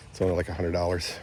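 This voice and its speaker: An older man from Michigan rambling in a casual vlog while walking around his property outdoors, often clearing his throat and drifting into asides. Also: sits low, darkish tone, slight background noise. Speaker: vlogger.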